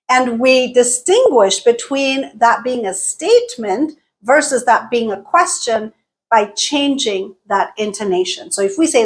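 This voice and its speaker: A woman teaching a lesson, speaking clearly and deliberately and exaggerating pitch in her example sentences. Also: lively intonation. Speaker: English teacher. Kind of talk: explanatory lesson with spoken examples.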